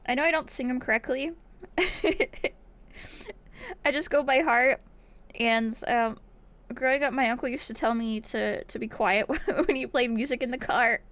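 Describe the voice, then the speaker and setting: High-voiced young woman streamer chatting. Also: a little slow, pauses often, a bit bright. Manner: chatty asides between singing along to songs. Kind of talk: casual chat while crafting on a live stream.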